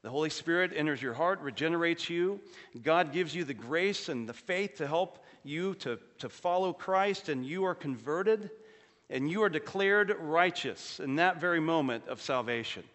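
A man preaching a sermon as pastor, earnestly rising for emphasis and dropping to a low, quiet voice on solemn points. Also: lively intonation, normal speed. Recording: long hall reverb.

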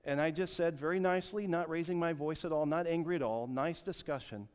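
A pastor in his forties preaches a sermon in a brisk, fairly high voice with a darkish, clean tone. He tells a story earnestly, often repeating words, recorded in an echoey hall with dull sound.

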